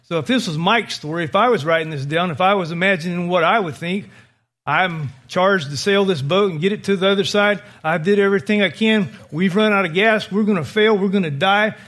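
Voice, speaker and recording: High-voiced preacher telling a story. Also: male voice, brisk. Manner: vivid, animated storytelling. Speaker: pastor. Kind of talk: sermon.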